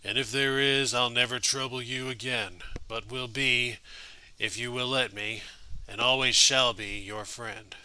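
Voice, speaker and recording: A man's voice: medium pitch, fairly even intonation, unhurried, sharp tone, clean tone, low-quality recording. A man voicing an earnest Texan cowboy suitor in a put-on Southern drawl, reading a game's letter aloud. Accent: American Southern drawl, put on.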